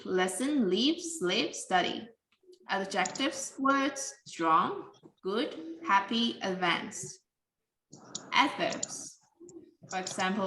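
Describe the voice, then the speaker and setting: Slow, bright-voiced woman teaching English. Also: medium pitch, roomy sound, slight background noise, rough recording. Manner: careful, deliberate, with simple non-native grammar. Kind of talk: slow classroom explanation.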